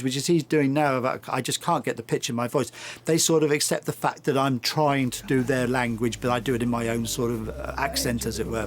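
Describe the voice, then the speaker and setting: A male animal keeper talks in a casual interview, hesitant and restarting often, at a middling pitch. Faint music sits behind him. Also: steady tone, fairly quick. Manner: hesitant, full of restarts and fillers.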